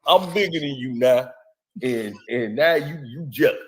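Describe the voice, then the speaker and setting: A boastful older sports pundit, put on by a man, talks with a mumbling mouth full of marbles. He lectures his rival with folksy sayings in a lower, heavier voice. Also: lively intonation, normal speed, fairly bright tone, close to an everyday voice. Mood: taunting.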